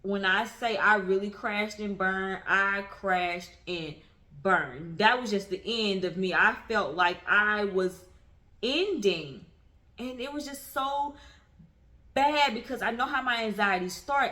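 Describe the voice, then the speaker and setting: A woman in her thirties shares her own experience in a candid vlog. Her voice is bright and ringing, and she speaks earnestly. She leans on repetition to make each point land. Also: mid-range voice, unhurried. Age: 30s. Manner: earnest and emphatic, repeats phrases for weight. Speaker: vlogger. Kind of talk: candid personal talk to camera.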